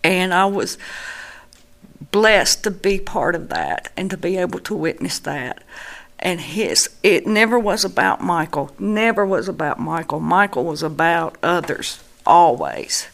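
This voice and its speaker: A mother giving a personal church testimony in an earnest, halting way with long pauses. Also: fairly low pitch, lively intonation, creaky, a bit bright.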